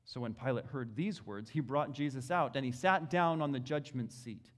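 A man preaching an expository sermon, reading scripture dramatically with emphatic bursts and slow pauses. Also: medium pitch, long reverb tail.

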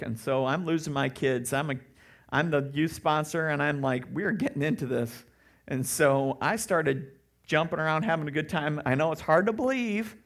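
Middle-aged man, pastor mid-sermon, raspy edge to a higher voice, lively and emphatic. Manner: animated, jumps into loud mocking voices.

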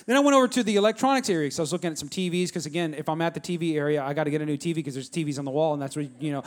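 A man's voice: on the high side, rapid-fire. A young man preaching a sermon in a church, telling stories with energy and urging the crowd to answer. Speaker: pastor. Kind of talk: sermon with call-and-response.

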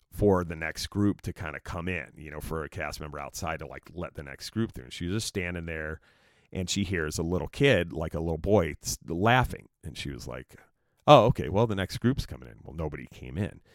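A man hosting his own podcast tells a story in an extremely low voice, rambling casually with lots of fillers and swearing. The audio is studio quality with no echo.

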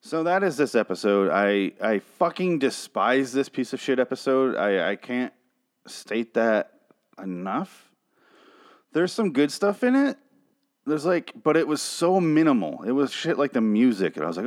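A man's voice: mid-range voice, big pitch swings, unhurried. A man ranting sarcastically and with lots of swearing while reviewing a TV episode in casual talk. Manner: profane, exasperated, sarcastic.

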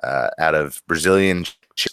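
A man with a very low but bright, forceful voice speaks in a loose, casual podcast manner full of fillers. The recording is dry. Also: moderate pace, smooth. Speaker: podcast co-host. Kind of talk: casual chat.

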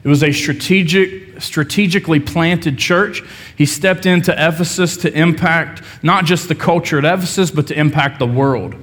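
A man's voice: a little high, moderate pace, a bit bright. A man preaching a sermon, telling a self-deprecating story before turning to scripture. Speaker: pastor. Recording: long reverb of a large hall.

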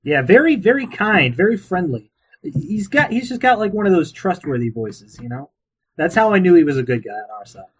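Husky, higher-voiced man, sarcastic and deadpan. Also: brisk, dull audio. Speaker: podcast co-host or guest. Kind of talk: casual chat.

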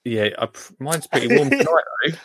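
Bright-voiced jokey British man. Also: mid-range voice, moderate pace, breathy edge. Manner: jokey, laughs often, reads comments aloud. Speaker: host of a live gardening stream. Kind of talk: casual chat.

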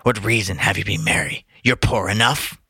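A man voicing a grumpy old miser in a gruff, scornful put-on voice while reading aloud. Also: on the low side, fairly even intonation, fairly quick, sharp tone, no echo, studio quality, full character voice.

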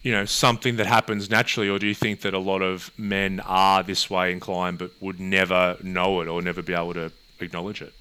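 A man who works as a therapist, hosting a relaxed conversation and telling stories with frequent laughter. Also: low-pitched, fairly quick, few pauses, clean tone. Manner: relaxed, storytelling, laughs often. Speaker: therapist host. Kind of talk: casual podcast chat.

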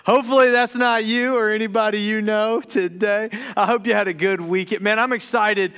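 A young man from the Deep South preaching a sermon as pastor, joking and excitable, stumbling and restarting when he gets excited. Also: normal speed, clear, resonant tone.

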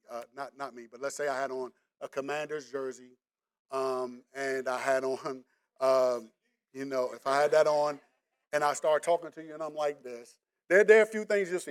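A man's voice: on the high side, smooth. A middle-aged man from the Washington DC area with a local accent, preaching a casual, joking sermon straight to the congregation. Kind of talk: conversational sermon.

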